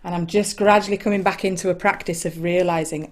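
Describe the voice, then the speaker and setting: A woman with an English accent leading an online singing session from home, gentle and encouraging, with reflective mindful asides. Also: fairly low pitch, fairly even intonation, fast talker, hardly any pauses. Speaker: choir leader.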